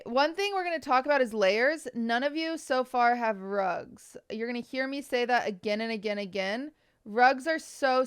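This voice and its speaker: On a live stream where she critiques viewers' bedrooms, a young woman chats casually and offers honest, blunt design tips, sometimes cursing to make a point. The recording is clean studio sound with no room noise, and her voice sits a little high with a clean tone.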